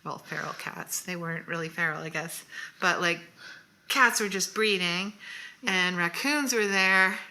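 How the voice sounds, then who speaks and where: A woman co-hosting a casual makeup chat, a lively storyteller who adds details and wry asides. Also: fairly low pitch, measured pace, rough recording. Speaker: co-host.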